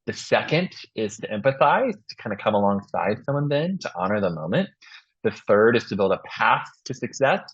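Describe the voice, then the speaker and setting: Animated man telling stories on a podcast. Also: fairly low pitch, fairly quick, slightly rough. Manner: animated, acts out voices in his stories. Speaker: podcast host. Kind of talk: casual podcast storytelling. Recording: dull, muffled lo-fi sound.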